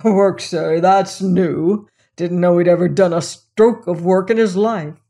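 Woman doing a loud, growling rough colonial man. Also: on the low side, fairly even intonation, unhurried. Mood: gruff, challenging. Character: rough, surly colonial man, gruff and blunt.

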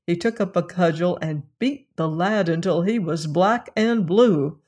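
Slow storybook narrator, measured and even, for a fairy-tale reading. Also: mid-range voice.

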